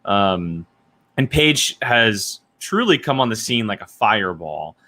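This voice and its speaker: A young man hosting a casual live-stream podcast chat, animated and quick to laugh. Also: on the low side. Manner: animated, laughs often, chatty. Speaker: podcast host.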